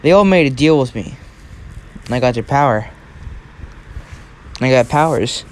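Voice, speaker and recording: A man's voice: medium pitch, expressive, a little slow, lightly acted. A man voicing a cocky, taunting teen boy who deals in souls, in a casual, rambling way.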